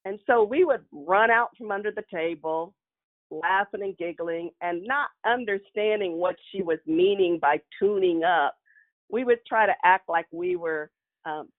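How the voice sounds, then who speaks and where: A woman telling a personal childhood story with frequent chuckles, in a nostalgic way. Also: lowish voice. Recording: tinny phone-like line.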